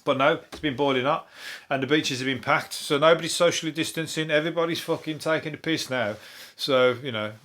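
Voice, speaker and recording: A man's voice: fairly high pitch, fairly quick, fairly bright tone. A man with a Birmingham accent, a comedian hosting a rambling, sweary comic news monologue. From Birmingham, England. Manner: sweary, laughing, digressive. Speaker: comedian host.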